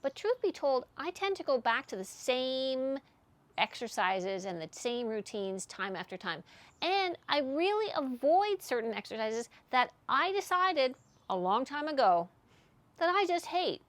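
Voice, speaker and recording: A woman's voice: high voice, very animated, a little slow, fairly bright tone, no echo. A woman in her sixties talking to camera about her workouts in a chatty, candid, self-deprecating way. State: out of breath after swimming. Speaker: fitness vlogger. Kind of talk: casual talk to camera.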